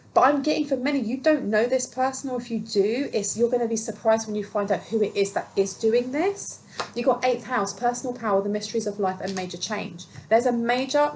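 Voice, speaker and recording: A woman's voice: a little high, a little mellow, low-quality recording. A woman giving a casual collective tarot reading. She rambles with many fillers and talks to herself while she handles the cards. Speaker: tarot reader.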